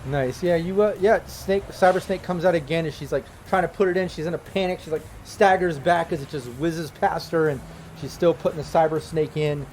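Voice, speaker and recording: A man's voice: fairly high pitch, fairly quick, darkish tone, slight background noise. A man narrating as game master of a tabletop game, loose and full of fillers.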